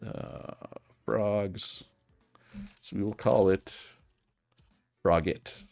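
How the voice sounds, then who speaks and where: A man's voice: fairly low pitch, steady tone, very slow, vocal fry, a little mellow, soft background music. A man streaming a management game, chatting casually and thinking aloud with many fillers and restarts. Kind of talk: casual gameplay commentary.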